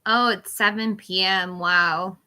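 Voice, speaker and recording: Woman, 40s, live tarot reader, bright tone, voice going hoarse, clipped card-by-card delivery. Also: mid-range voice, steady tone, takes it slowly. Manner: reads card meanings in short listed phrases. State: losing her voice. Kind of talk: live-stream tarot reading.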